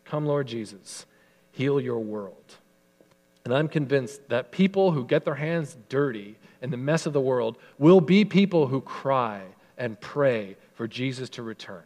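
A man preaching a sermon as a pastor, earnest and emphatic, slowing and softening when he reads scripture. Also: mid-range voice, animated, long reverb tail.

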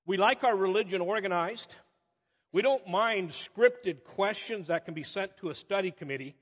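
A middle-aged man preaches in a church sanctuary, his fairly high voice swelling into emphatic cries and then falling back to quiet asides. The sound is slightly muffled, and a long reverb trails after him. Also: normal speed, slightly rough. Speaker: pastor. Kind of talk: sermon.

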